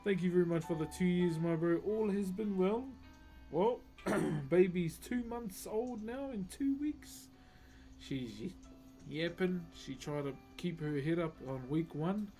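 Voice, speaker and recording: A wood carver with a New Zealand accent chats casually on a livestream while he works, with soft music in the background. His voice is high-pitched and dark-toned, and he is unhurried and laid-back, reading viewer comments aloud, laughing often and saying "bro" constantly.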